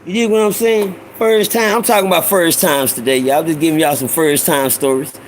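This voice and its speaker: A middle-aged man, telling street stories to his listeners in a loose, profane, animated way. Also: fairly high pitch, a little fast, a little hiss or hum, poor audio. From Houston, Texas. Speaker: storyteller host. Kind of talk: casual storytelling monologue.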